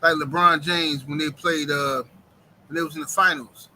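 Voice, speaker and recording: A man hosting a live boxing talk stream from home, chatting casually in an animated, joking, slangy way. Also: a little high, moderate pace, slight background noise, rough recording.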